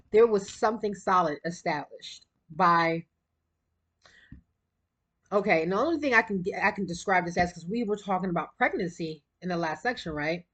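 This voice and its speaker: A woman giving a casual spiritual card reading, chatty and rambling, and a little out of breath. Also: on the low side. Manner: chatty, rambling, quick bursts of laughter. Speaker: tarot card reader.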